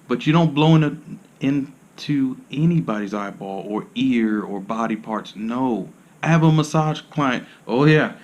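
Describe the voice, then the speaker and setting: A man who works as a massage therapist, rambling to camera in casual monologue with blunt, profane slang and sudden jumps in loudness. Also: medium pitch, expressive, measured pace, highs cut off.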